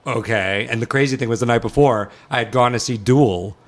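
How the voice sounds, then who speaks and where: A man, a guest filmmaker, telling an animated story and acting out the voices of the people in it. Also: medium pitch, fairly quick. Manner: excited, acts out dialogue in quotes. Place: film set.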